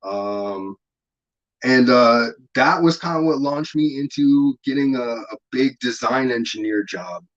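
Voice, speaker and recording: A relaxed man in a casual interview, cursing often and wandering through his stories with plenty of fillers. His voice sits at a medium pitch, and the audio is somewhat muffled and lo-fi. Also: unhurried. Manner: laid-back, profane, rambling with many fillers. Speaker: interview guest.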